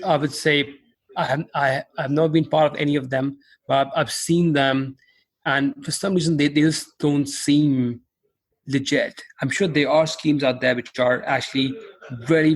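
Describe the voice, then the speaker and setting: A man speaking as a podcast guest about business. His voice is mid-pitched with a husky edge. He halts often, repeating words and restarting sentences as he works through his thoughts. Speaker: podcast guest, company founder. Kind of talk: casual interview answers.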